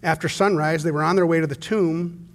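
A male pastor preaching a sermon, swinging from hushed, slow storytelling to loud, intense emphasis. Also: a little high, steady tone. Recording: long hall reverb.

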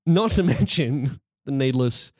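A man's voice: mid-range voice, animated, unhurried, a little mellow. A man co-hosting a podcast in casual comedic chat, joking, swearing and reading out facts with mock outrage. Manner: jokey, swears, puts on bad silly accents. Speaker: podcast co-host.

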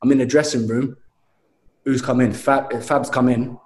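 Young man, lively storyteller, casual chat, echoey room. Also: mid-range voice, normal speed. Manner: animated storytelling, says mate a lot. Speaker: guest telling a story.

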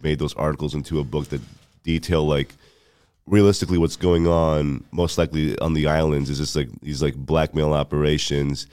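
A man, a comedian and podcaster, rambling in casual banter with halting starts and plenty of swearing. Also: extremely low pitch, little pitch movement, darkish tone, smooth, no echo.

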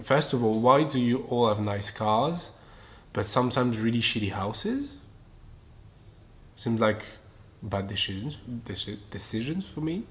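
A man with a French accent, hosting a solo podcast and chatting casually, swearing freely, laughing often and drifting onto tangents. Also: on the low side. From France. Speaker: podcast host. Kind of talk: rambling solo podcast chat.

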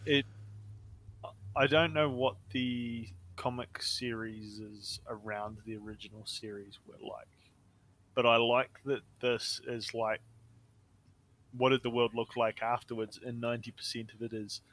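A man's voice: medium pitch, steady tone, unhurried, fairly bright tone. A young man co-hosting a casual podcast chat, joking and often trailing off mid-sentence. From New Zealand. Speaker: podcast co-host.

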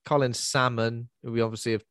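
A man's voice: mid-range voice, little pitch movement, fairly quick, fairly bright tone, smooth, dry recording. Brief: male co-host, wry and easygoing, dry close recording. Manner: wry, laughs easily. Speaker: podcast co-host. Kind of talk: casual film chat.

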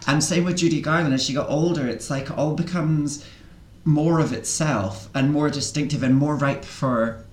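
A man's voice: fairly high pitch, fairly even intonation, moderate pace. A man hosting a podcast interview, chatting effusively and enthusiastically. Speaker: podcast host. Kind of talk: casual interview chat. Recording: roomy echo.

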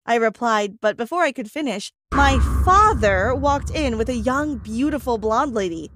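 A woman storyteller giving a scripted, emotive first-person narration for an animated story. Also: fairly high pitch, moderate pace, few pauses, no echo, clean studio sound.

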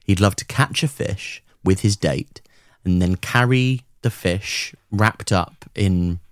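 A man co-hosts a comic chat, his voice sitting on the low side. He rambles, restarts and jokes, recorded close and dry. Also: takes it slowly, dry recording. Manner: rambling, jokey, trailing restarts. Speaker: podcast co-host. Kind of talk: comedic casual chat.

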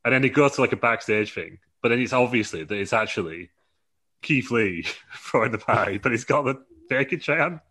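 A man's voice: medium pitch, expressive, fairly quick, pushed and bright. A man telling a long, rambling made-up story in a casual podcast chat, laughing often and acting out quotes.

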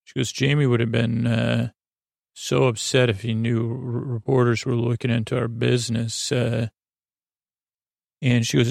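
A man hosting a podcast, casually recapping a TV episode in a halting way, retelling scenes with many pauses. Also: medium pitch, flat delivery, creaky, darkish tone, dry recording. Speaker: podcast host.

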